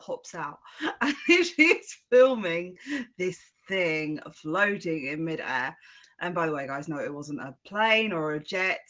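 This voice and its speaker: A woman, a podcast guest, telling a story in an animated way and swearing casually. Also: lowish voice. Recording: dull lo-fi.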